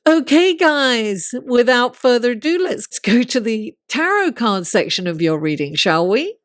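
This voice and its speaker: A woman reads tarot cards for a weekly horoscope in an unhurried, chatty way. She takes her time over each phrase and drops to a soft murmur when she calls on the cards. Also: a little high, very animated. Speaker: tarot reader.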